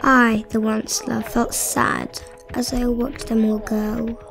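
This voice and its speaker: Slow, high-voiced woman reading a storybook. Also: little pitch movement, gravelly, music in the background. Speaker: storybook reader. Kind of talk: children's read-aloud narration.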